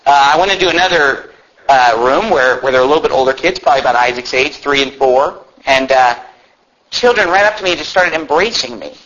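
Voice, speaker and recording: A man preaches in a medium-pitched, fairly bright voice at a fairly quick clip. The recording is muffled and lo-fi, and he tells his story earnestly and informally, repeatedly restarting and slipping in asides.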